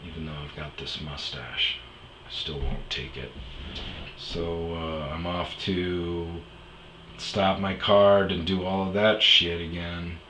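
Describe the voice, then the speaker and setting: A man's voice: low-pitched, fairly even intonation, takes it slowly, bright, forceful tone. A man hosting a podcast, telling a personal story casually, acting out the dialogue and swearing freely. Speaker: podcast host. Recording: roomy echo, faint background hiss.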